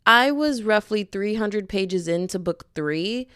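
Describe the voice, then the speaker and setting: A young woman hosting a podcast in casual chat, gushing and animated, with lots of "like". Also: medium pitch, takes it slowly, clear, resonant tone, no echo, studio quality. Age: young adult. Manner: gushing, animated, heavy filler "like". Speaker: podcast host. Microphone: headphones on, podcast mic.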